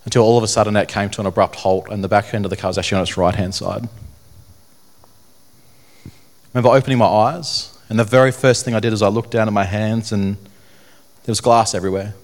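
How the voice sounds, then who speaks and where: A young man telling his personal story to an audience, in an earnest, halting way that repeats phrases. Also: on the low side, fairly even intonation. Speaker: speaker telling his testimony. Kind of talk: personal testimony talk to an audience.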